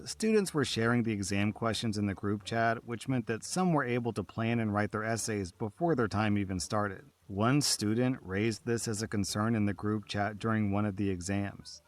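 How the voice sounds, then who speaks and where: A man reading online stories aloud as scripted narration, steady and even with light emphasis. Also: lowish voice.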